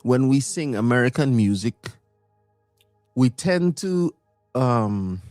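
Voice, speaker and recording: A man's voice: medium pitch, expressive, takes it slowly, darkish tone, no echo, faint music behind. A man from Trinidad co-hosting a casual live-stream chat, easygoing, laughing often and repeating words as he thinks. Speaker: co-host, singer.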